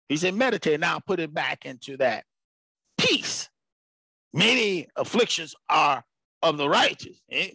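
A man's voice: on the high side, expressive, a little slow, bright, forceful tone, no echo. A man preaching an informal sermon broadcast, colloquial and emphatic, repeating his phrases for weight.

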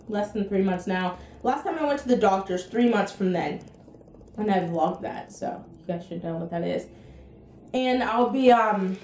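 A woman's voice: medium pitch, dark tone, a little hiss or hum. Chatty young woman vlogging. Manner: chatty, rambling, with many fillers. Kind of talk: casual vlog chat.

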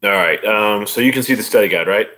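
A man's voice: fairly low pitch, quick pace, pushed and bright. Man explaining, checking in with "right?". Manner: conversational, explains step by step with frequent "right?" checks. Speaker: college biology instructor. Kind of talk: casual online exam review.

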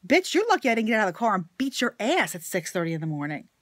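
A woman venting in an angry, profane rant to her viewers, blunt and swearing often, swinging between loud outbursts and quiet asides. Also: medium pitch, sing-song, quick pace, no echo, studio quality. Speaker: vlogger. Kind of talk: profane ranting monologue to camera.

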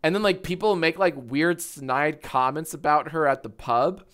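A man's voice: fairly high pitch, normal speed, fairly bright tone, smooth. A man in his thirties chatting casually on a livestream, telling a story with swearing and frequent laughter. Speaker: streamer.

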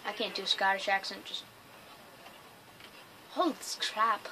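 A woman giving excitable, chatty, jokey let's play commentary over a game. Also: on the high side, normal speed, long pauses, a little hiss or hum, poor audio. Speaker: gamer.

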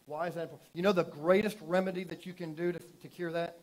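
A man preaching a sermon in a church, telling stories casually and building from soft asides to loud emphatic preaching. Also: fairly high pitch, steady tone, fast, poor audio. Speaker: pastor.

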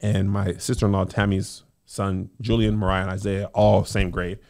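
A man's voice: deep voice, moderate pace. A middle-aged man co-hosting a casual comedic chat, telling family stories with playful exaggeration. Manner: animated storytelling, playful exaggeration. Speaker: podcast co-host.

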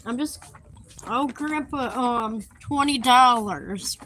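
A woman's voice: on the high side, slow, fairly bright tone. Rambling giggly woman in a noisy store. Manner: rambling, giggly, talks to herself. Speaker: vlogger. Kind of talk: casual chat while shopping. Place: inside a busy store.

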